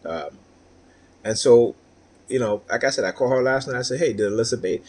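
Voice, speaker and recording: A commentator tells a personal story in a rambling monologue, often asking "right?" and using many fillers. His mid-range voice is a little mellow, and he speaks briskly.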